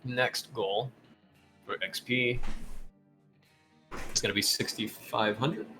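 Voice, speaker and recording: Game master, man, laughs a lot, chatty, mid-pitched, soft music behind. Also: fairly even intonation, slow pace. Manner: laughs often, loose and chatty. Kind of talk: narrating a tabletop game.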